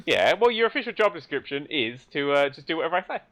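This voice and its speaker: A man's voice: fairly high pitch, very animated, quick pace, a bit bright. A man, a podcast guest, chatting casually while gaming and joking, teasing and laughing a lot.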